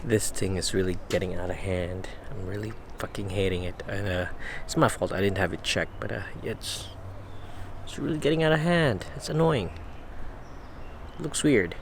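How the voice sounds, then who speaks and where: A man's voice: sits low, moderate pace. A man from the Philippines talking casually to camera in a vlog, rambling with many fillers and breaking into angry swearing rants. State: headache, migraine. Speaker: vlogger. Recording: noisy street and traffic behind.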